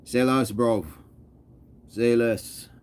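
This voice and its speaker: A man's voice: mid-range voice, steady tone, very slow, darkish tone, clean tone. A man hosting a casual fitness live stream, playful and jokey as he chats with viewers on his phone. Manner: playful, jokey, hypes up the chat.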